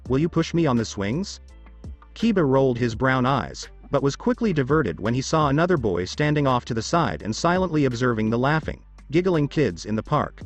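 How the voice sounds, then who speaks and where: A man reading a story as scripted narration, with small shifts of voice for quoted children. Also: medium pitch.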